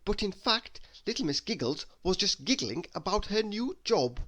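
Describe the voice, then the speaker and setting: Man, storyteller, bedtime read-aloud, animated, lively pitch, asks questions. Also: normal speed.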